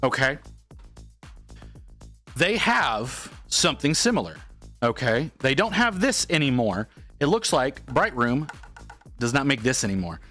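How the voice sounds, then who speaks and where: A man's voice: mid-range voice, sing-song, measured pace, pauses often, pushed and bright, faint music behind. A man telling a long, rambling story to his stream chat, slipping into quoted voices as he goes.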